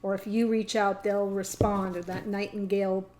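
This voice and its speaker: A woman's voice: medium pitch, little pitch movement, moderate pace, warm tone, slight background noise. A middle-aged woman giving a casual tarot reading to camera, chatty and meandering, often laughing and getting emotional. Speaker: tarot reader.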